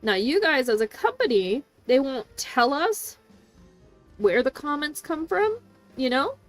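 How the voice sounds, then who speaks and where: Woman, higher voice, casual vlog rant, swears a lot, quotes others in voices, faint music underneath. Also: big pitch swings, measured pace. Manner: venting, swearing, quoting people in voices. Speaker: assistant language teacher. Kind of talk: casual storytime chat.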